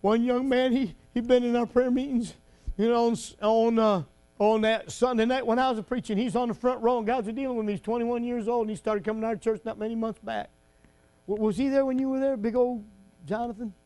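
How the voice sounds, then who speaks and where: A man's voice: very high-pitched, steady tone, a little fast. A man preaching a fervent, folksy revival sermon in a church. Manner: fervent, folksy, rising to shouts.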